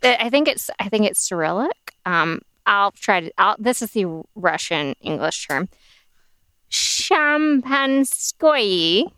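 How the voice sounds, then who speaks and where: A woman co-hosts a casual podcast and presents drinks news, a little tipsy from wine and chatting in a filler-filled way. Her medium-pitched, fairly bright voice moves at a moderate pace with lively intonation and hardly any pauses, recorded dry with no echo.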